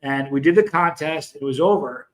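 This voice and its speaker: A middle-aged man with a slightly higher than usual voice tells a rambling story on a casual live stream. He talks straight to his viewers and keeps breaking off into chatty asides. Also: normal speed, fairly bright tone. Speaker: hot sauce show host.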